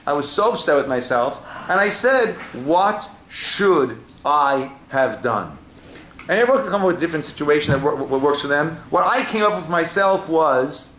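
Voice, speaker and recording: A man's voice: a little high, fairly bright tone, a little hiss or hum. A man teaching an informal class as a rabbi, telling stories and checking in with "right?" asides. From United States. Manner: storytelling, frequent "right?" asides. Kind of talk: informal Torah class talk. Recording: echoey room with faint ambience.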